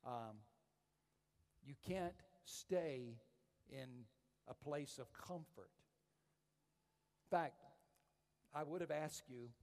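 A man preaching a sermon and telling stories, swinging from hushed tones to loud, emphatic calls. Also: medium pitch. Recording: echoey hall reverb.

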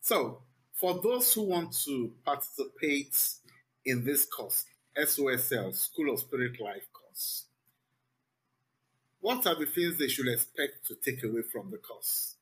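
A man interviewing a guest, putting his questions in a measured way. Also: medium pitch, expressive, a bit bright, slightly rough, low-quality recording.

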